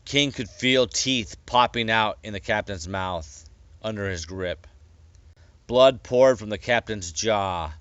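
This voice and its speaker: Guy reading his own story, kinda low voice, stumbles here and there, muffled dead-dry sound. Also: fairly bright tone, dry recording. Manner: plain, unhurried reading with small stumbles. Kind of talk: casual audiobook reading.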